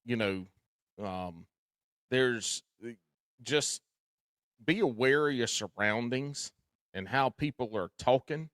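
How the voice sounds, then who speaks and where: A man with a Southern drawl hosting a podcast, chatting casually and telling animated stories with plenty of swearing. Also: mid-range voice, slow, pauses often, no room sound, clean studio sound. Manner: animated, swears freely, storytelling. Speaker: podcast host. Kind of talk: casual chat.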